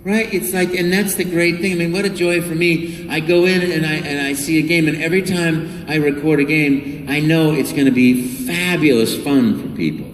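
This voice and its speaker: A man who is a voice actor answering fan questions at a convention panel, enthusiastic and animated, full of restarts, recorded by phone from the audience. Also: on the high side, normal speed, few pauses. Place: large convention hall. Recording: echoey hall from far off, phone.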